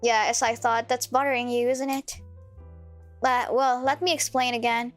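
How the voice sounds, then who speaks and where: A woman reading aloud the lines of a calm, quietly menacing young girlfriend from a game, in a matter-of-fact way. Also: fairly high pitch, normal speed, faint music behind, natural voice.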